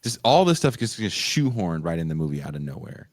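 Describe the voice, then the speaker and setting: A podcast co-host with a very deep, low voice briskly retells a story in casual conversation, full of animated energy and sudden high shrieks when quoting people. The audio is dry and close to the mic, with no room sound.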